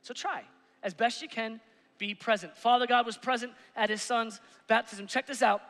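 A male pastor preaching a sermon, animated, swinging between shouts and hushed asides on a church stage. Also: extremely high pitch, moderate pace. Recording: reverberant church hall.

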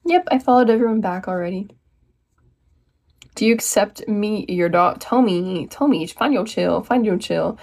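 Brief: young American woman, bubbly livestream host, mid-pitched voice, chats with her viewers. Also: moderate pace, a little mellow. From United States. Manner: bubbly, reads viewer comments aloud and answers them. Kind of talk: casual livestream chat.

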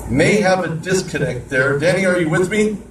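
High-voiced rambling sports radio host. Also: male voice, normal speed, echoey room, distant mic, slight background noise, low-quality recording. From Southern California. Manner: rambling, animated host patter.

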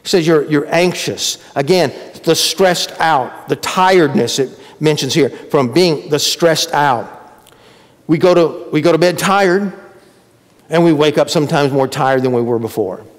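A man preaching a sermon as pastor, talking to the congregation as if in conversation. His voice sits a little high and leaps up for emphasis, then sinks low and quiet. It rings with the long reverb of a church sanctuary. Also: unhurried. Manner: conversational preaching with sudden emphatic rises and drops.

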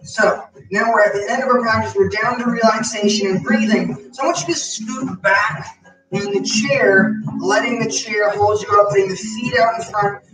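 A man with a high voice leads a gentle chair yoga class, calmly talking students through slow breathing. He sounds set back from the mic in an echoey room. Soft guitar music plays behind him. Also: distant mic. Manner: calm, slow guiding cues. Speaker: yoga instructor. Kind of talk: guided chair yoga relaxation.

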